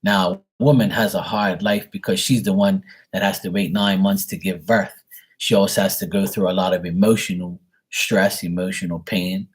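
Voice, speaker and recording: A man's voice: deep voice, steady tone, moderate pace, slightly rough. A man chatting casually on a live stream, giving tarot readings for viewers' paid questions. He rambles loosely and bluntly, swears freely, and leans on fillers and restarts.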